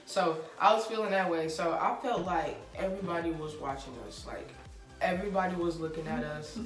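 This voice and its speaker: Young woman vlogger, animated profane storyteller, distant roomy mic. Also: fairly low pitch, fairly quick. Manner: animated, laughing, slangy and profane. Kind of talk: casual storytime chat. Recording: roomy sound from a distant mic with faint music.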